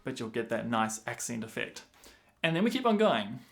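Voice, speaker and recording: A man teaching the clarinet, patiently explaining fingerings and counting rhythms out loud, with clarinet playing between phrases. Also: medium pitch, sing-song, moderate pace, gravelly, loud music behind the voice. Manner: patient, breaks rhythms down by counting and singing syllables aloud. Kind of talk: instructional explanation.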